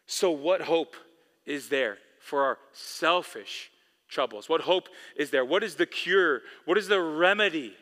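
A man's voice: fairly high pitch, animated, unhurried, a bit bright. A man preaching a sermon as pastor, emphatic and repeating key phrases for weight. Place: church sanctuary. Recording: long echo of a big hall.

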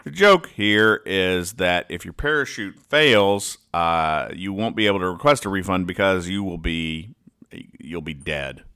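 A male podcast host reading comic strips aloud in a casual way, pausing often with "uh" and restarting sentences as he dryly explains each joke. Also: sits low, pushed and bright, smooth. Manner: halting, with frequent "uh" and restarts, dryly explaining jokes. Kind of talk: casual read-aloud commentary.

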